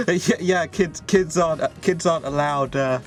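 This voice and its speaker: A man from England co-hosts a casual watch-along, rambling and cracking jokes as he talks. His voice sits a little high for a man. Faint music plays underneath. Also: very animated. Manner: joking and rambling, quick to laugh. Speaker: co-host of a reaction channel. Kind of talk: casual chat.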